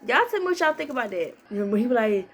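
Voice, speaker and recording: A young adult woman vlogger in a casual movie review chat, animated and slangy, often acting out lines she quotes. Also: on the high side, rapid-fire, faint music behind.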